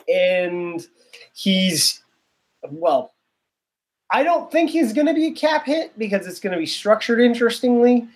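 A man co-hosting a casual podcast, rambling and opinionated with a joking edge. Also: high voice. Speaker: podcast co-host.

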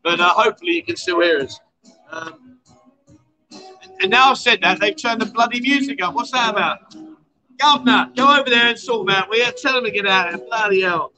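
A man's voice: high-pitched, a little fast, bright, forceful tone, soft background music, rough recording. A man hosting a casual livestream chat show from a bar at night, joking with his guest and reading out viewer comments. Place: bar in a noisy city street at night.

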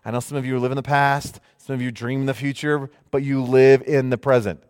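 A man's voice: medium pitch, level tone, brisk, a little mellow, smooth, in a large hall. A man preaching a sermon as pastor, emphatic, repeating his phrases and often starting with "hey".

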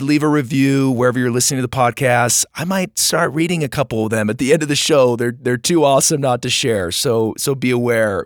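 A man's voice: mid-range voice, no echo, studio quality. A man hosting a story podcast, chatting upbeat and friendly to his young listeners in a casual outro. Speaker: podcast host.

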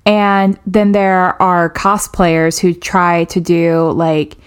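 A woman in casual conversation who talks in a thoughtful, measured way and readily agrees with her co-host. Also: on the low side, little pitch movement, smooth. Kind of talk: casual chat.

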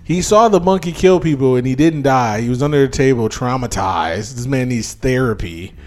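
A man casually chatting about a movie as a podcast co-host, playful and quick to laugh while he retells scenes. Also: mid-range voice, soft background music. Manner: laughs often, playful storytelling. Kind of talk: casual movie review chat.

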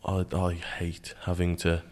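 A man's voice: deep voice, monotone, unhurried, darkish tone. A man speaking earnestly as an interview guest in a studio, stumbling over repeated words as he starts sentences. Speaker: guest, security manager.

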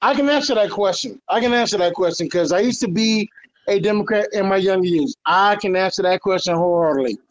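Emphatic high-voiced man, dull lo-fi audio. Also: fairly quick. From Detroit and Houston. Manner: profane, emphatic, preachy. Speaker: podcast co-host. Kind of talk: casual podcast chat.

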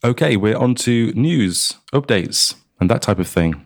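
A man hosting a podcast, relaxed with stumbling restarts. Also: mid-range voice, unhurried, soft background music. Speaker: podcast host, content manager.

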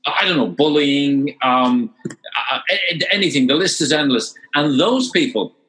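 A man in his sixties from Ireland with an Irish accent, telling his story as an interview guest, animated and repeating words as he gets going. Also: medium pitch, rough recording.

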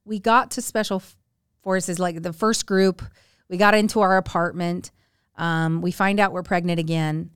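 Lady in her 40s chatting, smooth clear voice, dry close sound, acts out quotes all over the place. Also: normal speed, no room sound. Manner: animated, acts out quoted voices with big pitch jumps. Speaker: podcast guest. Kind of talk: casual storytelling.

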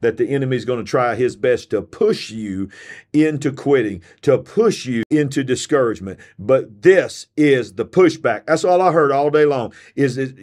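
Medium in pitch with a darkish tone, this man hosts a podcast that plays like a sermon, full of fierce conviction and heavy repetition. Though weariness shows in his voice, he presses ahead in true preacher fashion.

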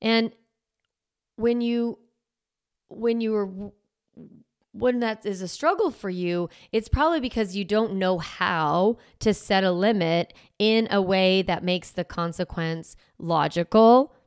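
A woman's voice: mid-range voice, takes it slowly, smooth, dry recording, clean studio sound. A woman parenting coach talking casually and directly, conversational, acting out parents' voices and swearing now and then. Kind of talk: casual direct-to-camera talk.

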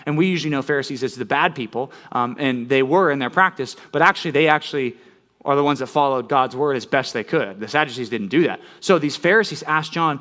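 A man's voice: medium pitch, quick pace, fairly bright tone. A middle-aged pastor, a man, explaining scripture in a sermon, conversational and explanatory, often checking in with listeners.

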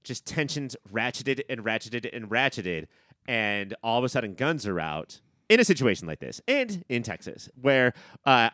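A man's voice: medium pitch, very animated, normal speed, pushed and bright, no echo, studio quality. A man co-hosting a casual movie podcast, laid-back and swearing casually. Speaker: podcast co-host.

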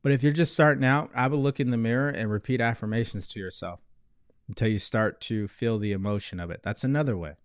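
A man hosting a live motivational talk, earnest in manner, slowly repeating gratitude affirmations. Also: mid-range voice, clear, resonant tone, no room sound, studio quality. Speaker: motivational host. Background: loud relaxing music.

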